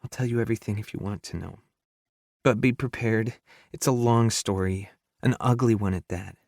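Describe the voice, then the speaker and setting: A man's voice: lowish voice, normal speed, creaky, no echo, clean studio sound. A man voicing a tearful, frightened young woman. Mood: quiet. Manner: soft, pleading, teary.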